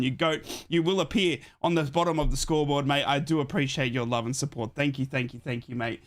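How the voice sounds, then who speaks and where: A young man hosting a live football watchalong stream from home, hoarse from a chest infection and thanking viewers over and over. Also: fairly high pitch, brisk, few pauses. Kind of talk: excited live-stream chat. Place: home streaming setup in Australia.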